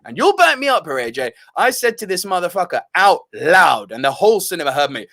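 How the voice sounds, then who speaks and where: A man's voice: big pitch swings, brisk, hardly any pauses. A young man telling a rowdy, profane story on a casual film podcast. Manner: swings between loud and low tones. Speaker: podcast co-host.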